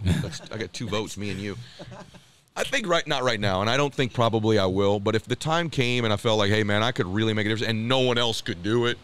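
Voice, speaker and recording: A middle-aged man being interviewed on a podcast, with a lowish voice and an earnest, motivational way of talking. He tells animated stories and acts out the people in them. A faint hiss of room ambience sits behind him. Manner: animated storyteller, acts out quoted dialogue. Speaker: guest.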